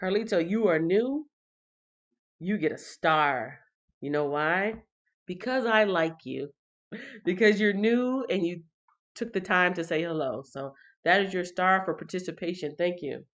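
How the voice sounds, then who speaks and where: A woman reads and chats through a casual livestream Bible reading, speaking straight to her viewers. Her voice sits a little low. The sound is dull and lo-fi, like a home livestream mic. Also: a little slow. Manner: chatty, talks straight to chat viewers. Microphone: computer or phone mic on a livestream.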